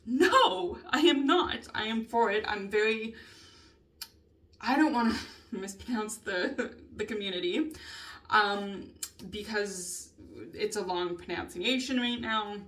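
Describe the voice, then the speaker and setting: A woman's voice: medium pitch, measured pace, a bit bright. A young adult woman vlogging a casual spoken journal, rambling with lots of fillers, swearing, laughing and sighing as she talks. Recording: voice a bit far from mic.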